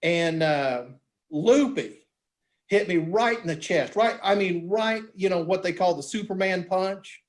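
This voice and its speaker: Brief: man, high voice, animated storyteller, casual guest chat. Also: measured pace. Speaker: guest, beep baseball pitcher.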